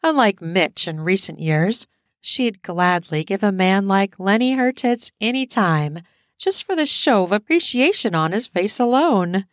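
A woman narrates an erotic audio story in a steady, explicit storytelling manner. Her voice sits close to the mic with a dry, dead sound. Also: mid-range voice, measured pace, dry recording.

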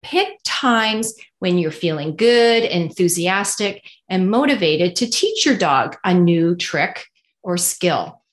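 A woman's voice: fairly low pitch, animated, takes it slowly. Thoughtful woman podcast co-host. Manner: thoughtful, sharing personal examples. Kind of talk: conversational podcast chat.

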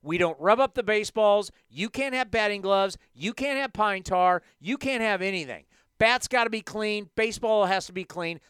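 A man's voice: high-pitched, normal speed, fairly bright tone, clean tone, dry recording. A man hosting a sports talk show, ranting emphatically with rhetorical questions.

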